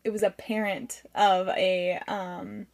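A woman's voice: medium pitch, takes it slowly, gravelly. A woman guest on a remote podcast call, chatting casually with frequent laughs and fillers. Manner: giggly, animated, lots of fillers. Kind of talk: casual conversation.

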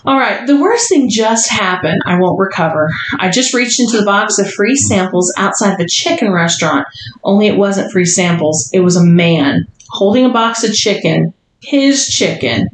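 A woman co-hosting a podcast in casual chat, reacting with lively enthusiasm and reading stories aloud. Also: mid-range voice, normal speed. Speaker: podcast co-host. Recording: echoey room, faint hiss.

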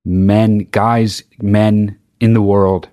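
A man's voice: lowish voice, little pitch movement, extremely slow, mellow. A man hosting a solo podcast, ranting in a heated, profane way and often restarting his sentences. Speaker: podcast host. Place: very hot recording space.

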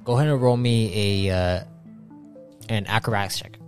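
A man's voice: fairly low pitch, darkish tone, faint music behind. Young man narrating a tabletop game. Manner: casual, halting narration with frequent restarts. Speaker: game master.

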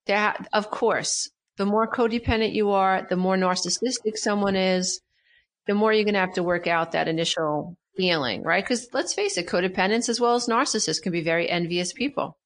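A woman's voice: medium pitch, moderate pace. A middle-aged woman, a guest coach in an interview, talking emphatically and repeating her key phrases with animation. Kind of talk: interview conversation.

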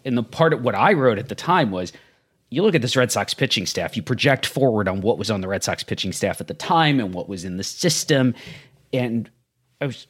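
A man hosting a casual sports talk conversation, speaking in a measured, analytical way. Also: medium pitch, fairly bright tone.

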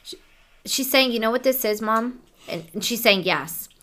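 Soft-spoken woman relaying a medium's reading. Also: on the high side, lively intonation, normal speed. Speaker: psychic medium.

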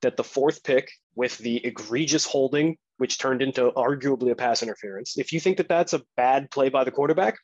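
A man's voice: medium pitch, brisk, hardly any pauses, darkish tone, no echo, lo-fi sound. A man hosting a podcast, delivering a blunt, profane, combative sports rant. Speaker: podcast host.

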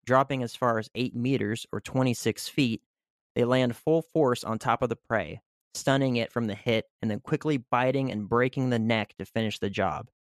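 A man's voice: mid-range voice, normal speed, no room sound. Man reading a script, dry sound. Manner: reads a script aloud, then riffs loosely with fillers. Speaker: podcast host. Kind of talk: casual chat with read-aloud segments.

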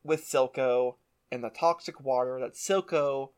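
A podcast co-host with a medium-pitched, darkish, clean voice speaks a little slowly while casually recapping a show. He enthusiastically retells scenes, quoting characters' voices.

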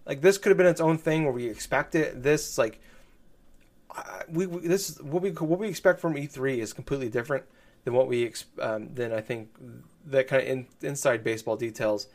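A man's voice: medium pitch, moderate pace. Rambling casual man talking games. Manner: rambling, full of fillers and restarts, animated. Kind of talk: casual gaming podcast chat.

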